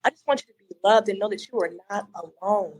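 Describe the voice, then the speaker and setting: A woman's voice: medium pitch, fast, darkish tone. A woman guest on a podcast, speaking earnestly and encouragingly about faith. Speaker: podcast guest, lifestyle coach. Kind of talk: heartfelt testimony.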